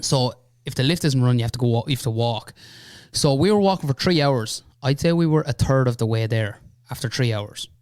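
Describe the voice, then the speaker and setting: A young Irish man recounting an adventure as a podcast guest, his voice smooth and resonant. He talks in an animated, chatty way, checking in with the listener often. The sound is dry and close, from a studio mic. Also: mid-range voice, a little fast, dry recording. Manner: animated anecdote-telling with lots of "right?" and "you know". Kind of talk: casual storytelling.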